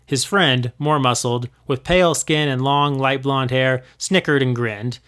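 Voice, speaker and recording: Male reader narrating fan fiction, expressive, middle pitch. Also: a little slow, clear, resonant tone. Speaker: reader of his own old fanfiction. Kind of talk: reading a story aloud.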